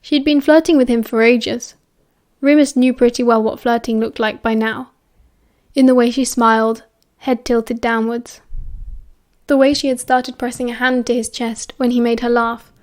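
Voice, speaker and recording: Woman, British accent, audiobook narrator, steady storytelling, slightly high voice. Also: moderate pace. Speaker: audiobook reader.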